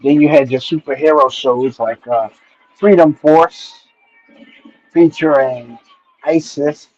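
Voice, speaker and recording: A man's voice: fairly high pitch, dry recording. Rambling middle-aged man, muffled stream audio. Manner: rambling retelling, frequent "right?" and "you know" check-ins. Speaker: stream host. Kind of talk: casual nostalgic storytelling. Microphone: streaming mic.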